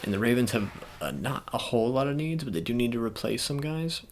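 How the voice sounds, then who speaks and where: A young man speaking in a soft ASMR style, chatting casually and rambling with many fillers and restarts. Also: mid-range voice, big pitch swings, brisk. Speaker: ASMR channel host. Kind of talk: soft-spoken ASMR sports talk.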